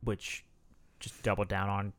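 A man's voice: fairly low pitch, unhurried. A man co-hosting a podcast, chatting casually and reading out facts with laughing asides. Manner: relaxed, chatty, reads facts aloud with asides. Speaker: podcast co-host. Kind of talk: casual chat.

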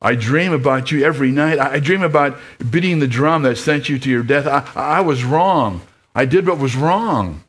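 A man voicing an old, grieving father mouse from a storybook, who pleads in a halting, remorseful voice. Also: mid-range voice, lively intonation, fairly bright tone, breathy edge, voice pushed up.

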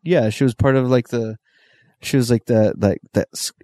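A man in his thirties co-hosting a podcast, laid-back and halting, with many restarts as he feels his way through a thought. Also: mid-range voice, steady tone, dark tone, no room sound, clean studio sound. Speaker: podcast co-host. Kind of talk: casual podcast banter.

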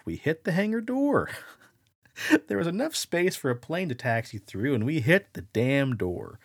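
A male podcast host retelling a wild story in first person, animated and dramatic, slipping into quoted voices now and then. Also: mid-range voice, no room sound, clean studio sound.

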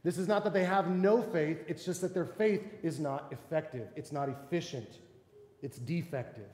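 Guy preaching a sermon, kinda high voice, big echoey church hall. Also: normal speed. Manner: animated, acts out quoted voices. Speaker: pastor.

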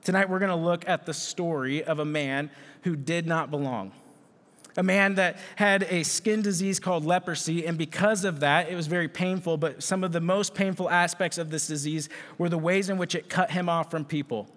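A man giving an animated, self-mocking talk with stories to a crowd, on a handheld microphone in a large hall. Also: on the high side, normal speed. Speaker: youth speaker. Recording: echoey hall.

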